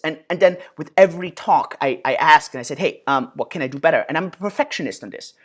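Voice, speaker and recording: Animated man answering viewer questions. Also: sits high, fast talker, hardly any pauses. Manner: animated, many fillers and restarts. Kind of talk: casual Q&A monologue.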